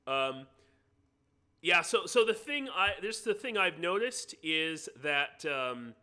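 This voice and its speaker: An American man hosts a relaxed live stream over a computer mic. His voice is very bright and sharp in tone. He chats loosely, cracks jokes and breaks off to fiddle with his audio settings. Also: a little high, takes it slowly, clean tone. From United States. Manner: chatty, joking, stops to fiddle with his sound setup. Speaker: livestream host. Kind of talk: casual live-stream chat.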